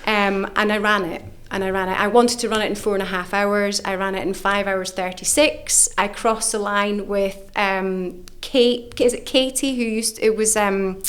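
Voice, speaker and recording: A middle-aged woman, an author and coach, telling stories in an interview with lively, acted-out quoted voices. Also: moderate pace, few pauses. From United Kingdom. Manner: animated, acts out quoted voices with big pitch jumps.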